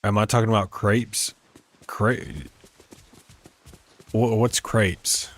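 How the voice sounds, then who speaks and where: This let's play streamer speaks in a low, flat voice at a measured pace, with slight background noise. Playing a life-sim game, he thinks out loud in a rambling way and stumbles over words as he tries to pronounce them.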